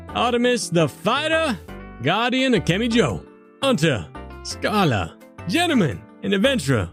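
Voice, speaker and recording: A man puts on a friendly potion-shop keeper from a tabletop game, drawling. His voice sits high and swings up and down as he reads names like a merchant welcoming regulars. The tone is neighborly and storytelling. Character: folksy Cajun male potion-shop keeper. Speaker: podcast cast member. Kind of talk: in-character Patreon shoutouts.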